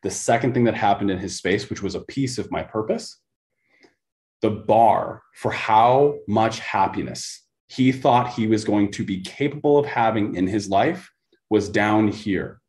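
Intense, emphatic man with a low voice. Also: a little mellow. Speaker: podcast guest, coach. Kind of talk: conversational interview storytelling.

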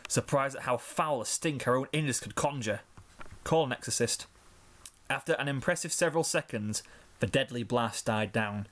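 A man steadily narrating a fanfiction story as the reader. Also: mid-range voice. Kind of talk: fanfiction reading.

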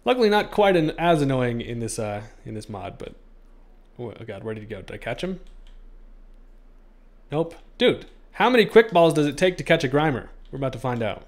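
Young guy streaming a game, gravelly voice, joking around with the critters, middle pitch. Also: very animated, brisk. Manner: playful, talks to the creatures he catches. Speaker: gaming streamer. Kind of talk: casual let's-play commentary.

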